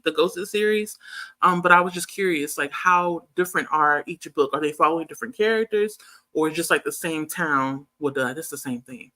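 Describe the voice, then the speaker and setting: Bright-voiced chatty woman livestream host. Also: lowish voice. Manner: chatty, reads chat comments aloud, laughs often. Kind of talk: casual livestream chat.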